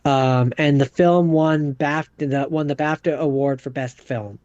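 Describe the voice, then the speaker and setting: Male podcast co-host, relaxed fact-reading chat, dry muffled sound. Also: fairly high pitch, measured pace, no room sound. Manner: relaxed, reads out facts with fillers. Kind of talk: casual chat.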